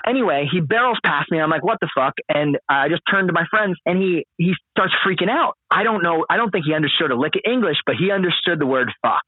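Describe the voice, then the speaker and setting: A man's voice: on the high side, dry recording. A man casually telling a wild story on a podcast, swearing often and packing his talk with fillers. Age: late 20s or older. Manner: animated, profane, lots of fillers. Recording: husky voice over a dry, phone-like line.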